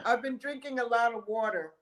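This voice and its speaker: A host in relaxed conversation, speaking casually with fillers. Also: mid-range voice, fairly quick, a crowd in the background. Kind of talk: casual chat.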